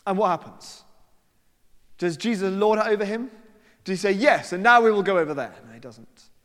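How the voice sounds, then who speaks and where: A man's voice: sits high, normal speed, a bit bright. A man preaching a sermon, telling stories in a chatty way and acting out the people he quotes. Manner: conversational storytelling with quoted voices and asides. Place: church. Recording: long hall reverb.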